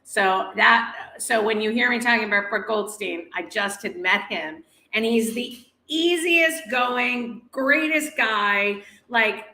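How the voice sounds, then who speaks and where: A woman with a Boston accent, a guest in a casual interview, chatty and halting with fillers. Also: on the high side, sharp tone, echoey room.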